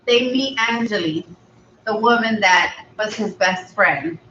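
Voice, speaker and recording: A woman retells a story in a relaxed, rambling chat, her bright voice higher than most and her pace slow and easy. The room is echoey and she sits a little away from the mic. The sound is slightly dull, with a faint hum of ambience behind her. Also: distant mic. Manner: chatty, rambling storyteller with fillers. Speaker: mukbang channel host. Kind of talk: casual chat retelling a film plot.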